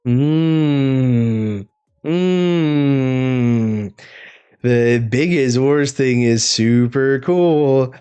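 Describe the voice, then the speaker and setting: A man's voice: mid-range voice, takes it slowly, few pauses, darkish tone, clean tone, soft background music. A man hosting a live comic reaction, reading dialogue aloud and cursing casually. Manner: casual, swears freely. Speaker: manga reaction host.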